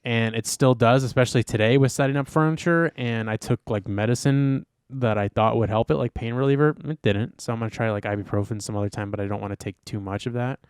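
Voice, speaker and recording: A man's voice: mid-range voice, fairly even intonation, fast talker, few pauses, clear, resonant tone, no room sound, studio quality. A tired man co-hosting a podcast in casual chat, rambling with fillers and restarts. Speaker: podcast co-host.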